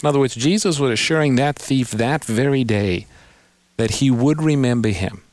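A man hosting a call-in radio Bible program, patiently explaining scripture and slowing down to quote verses. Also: mid-range voice, no echo. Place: radio studio.

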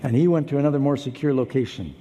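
Male pastor, sermon delivery, animated storyteller, mellow tone, long hall reverb. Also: quick pace. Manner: animated storytelling, acts out voices, pitch jumps up for emphasis.

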